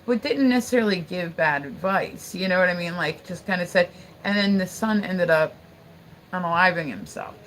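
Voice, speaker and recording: On a casual livestream with poor audio and faint noise in the background, a woman tells stories in a rambling, filler-heavy way, saying "like" constantly along with "you know". Her fairly bright voice sits on the low side at a normal speed.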